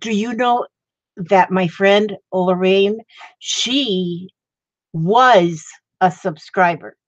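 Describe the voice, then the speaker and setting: A woman's voice: mid-range voice, very slow, no room sound. An older woman hosts a casual livestream from home, chatty and easily delighted, dropping little exclamations as she rambles along. The sound is dry and close, with a dull, lo-fi tone. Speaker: livestream host.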